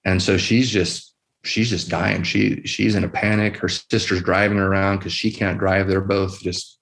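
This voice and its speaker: Middle aged guy, flat even delivery, quiet measured podcast guest, lots of pauses. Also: low-pitched, creaky. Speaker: emergency physician guest. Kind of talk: personal story in a podcast interview.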